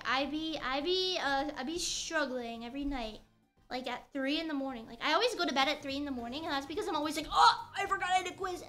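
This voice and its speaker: A young woman chats in a loose, playful ramble as she works on a craft during a live stream. Her voice sits high and comes across bright and clear. Soft music plays faintly behind her. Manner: rambling, playful, chatty with restarts. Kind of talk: casual chat while crafting on stream.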